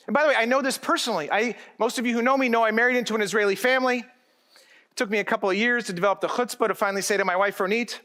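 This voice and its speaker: A man's voice: sits high, rapid-fire, pushed and bright. A middle-aged man giving a conference keynote speech, talking directly to the audience and joking with them.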